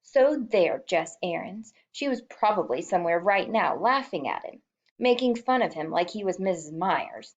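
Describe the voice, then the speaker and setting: A woman's voice: lowish voice, animated, moderate pace, lo-fi sound. A woman reading a novel aloud as an audiobook, emotive and lightly voicing the characters. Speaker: audiobook reader.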